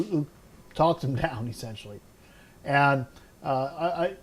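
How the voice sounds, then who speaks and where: A man's voice: mid-range voice, dark tone. A man hosting a casual Bible study talk, reading scripture aloud and then musing on it with many fillers and restarts. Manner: admits unsure pronunciations. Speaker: podcast host.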